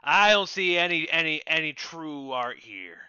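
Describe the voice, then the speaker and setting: A very bright, crisp male voice, dry and close on a dull, lo-fi mic. He plays mock-formal and then turns brash and defiant in an improvised comedy scene. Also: a little high, expressive, normal speed, no room sound. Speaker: improv performer.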